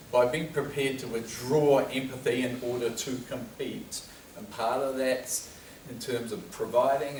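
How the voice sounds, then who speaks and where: A man's voice: medium pitch, a little hiss or hum. A middle-aged man giving an informal lecture, telling stories in a conversational way. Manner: conversational, anecdotal storytelling. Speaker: speaker at a men's health talk. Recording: roomy hall, distant mic, faint ambience.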